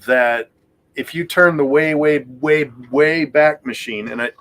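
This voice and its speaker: Man, podcast guest, slightly high voice, talkative, salty language. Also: a little slow, a bit bright. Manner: chatty, swears freely. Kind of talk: casual chat.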